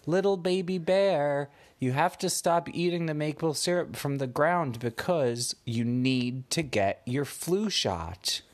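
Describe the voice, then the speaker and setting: A man's voice: a little high, slow pace, hardly any pauses, pitched above the performer's own voice. A man voicing a patient mother bear in a bedtime story, coaxing her cub in a raised, soothing voice.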